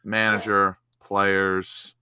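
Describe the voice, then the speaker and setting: Man, angry, swearing, sighing, low bright voice, dry close sound. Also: little pitch movement, very slow, clean tone, no echo. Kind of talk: casual post-match chat.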